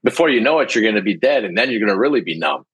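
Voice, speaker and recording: A man's voice: lowish voice, lively intonation, rapid-fire, fairly bright tone, husky, dry recording, rough recording. A man co-hosting a podcast who answers in short, punchy replies. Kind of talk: casual podcast chat.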